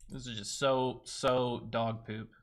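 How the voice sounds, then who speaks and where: A man's voice: medium pitch, flat delivery, takes it slowly. A young man chatting casually on a trading livestream, swearing freely and talking to his chat. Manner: swearing, laid-back, talks to chat.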